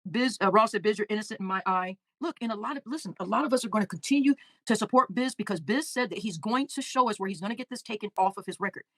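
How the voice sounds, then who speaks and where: A woman hosts a casual livestream, reacting quickly to viewer comments. She speaks emotionally and haltingly, stumbling and repeating words, in a mid-range voice. The sound is close and dry with no echo.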